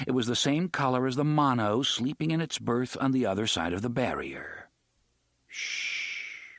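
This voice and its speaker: Male narrator of a dark fantasy audiobook, animated and close-miked in a dry booth. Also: mid-range voice, breathy edge, no echo. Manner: expressive, voices each character.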